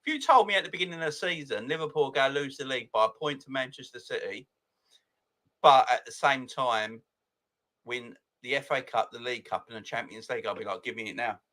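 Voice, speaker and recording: A man's voice: medium pitch, a little fast, bright, forceful tone. A man, hosting a casual live fan chat, greeting viewers by name and laughing often. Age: 40s. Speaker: football fan channel host.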